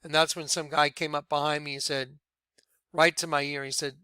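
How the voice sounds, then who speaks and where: A man preaching and telling his conversion story in an earnest sermon style, dropping to a hushed voice when he quotes. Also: on the high side, little pitch movement, normal speed, clear, resonant tone, dry recording. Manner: earnest, drops to quiet hushed tones when quoting.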